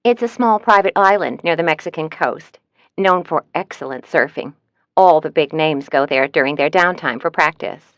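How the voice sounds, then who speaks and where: A woman's voice: sits low, normal speed, dry recording, close to an everyday voice. A woman voicing a cheery chatty travel agent. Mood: chirpy. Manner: cheery, talkative.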